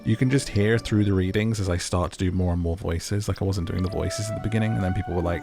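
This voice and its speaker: A man giving relaxed, chatty commentary over a game, thinking aloud as he plays. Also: low voice, quick pace, creaky, few pauses, over music. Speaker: gaming youtuber. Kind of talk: casual gameplay commentary.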